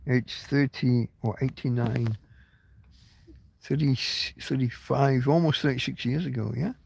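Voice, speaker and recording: This middle-aged Englishman has a medium-pitched, creaky, dark voice with a breathy edge, fairly even intonation, and a measured pace. Tearing up, he tells a personal story to camera as a vlogger, rambling emotionally, swearing often, and restarting sentences.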